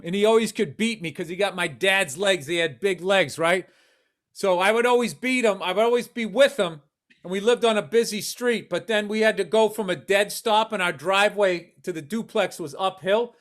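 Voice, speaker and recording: A middle-aged man co-hosting a podcast, telling animated, profane childhood stories in casual chat. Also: high-pitched, moderate pace. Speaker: podcast co-host.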